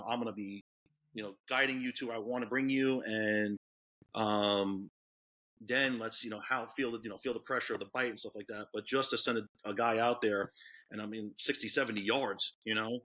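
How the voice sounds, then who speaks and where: A man's voice: lowish voice, fairly bright tone. A man in his thirties with a New York accent, a police dog handler telling stories in a rambling, casual way full of fillers. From Orlando, Florida. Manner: rambling, many fillers and restarts. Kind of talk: casual storytelling interview.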